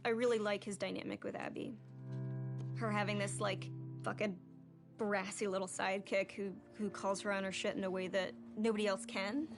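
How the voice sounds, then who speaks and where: A woman speaks candidly and earnestly in an even, flat tone. She is an actress in a behind-the-scenes interview, with music underneath. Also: mid-range voice, moderate pace.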